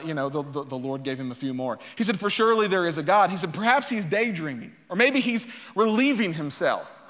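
A man preaching a sermon, reading scripture aloud and joking with animated energy. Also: high-pitched. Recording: long hall reverb.

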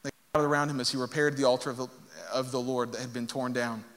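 A man preaching a sermon, reading scripture aloud and joking with animated energy. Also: medium pitch, quick pace. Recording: long hall reverb.

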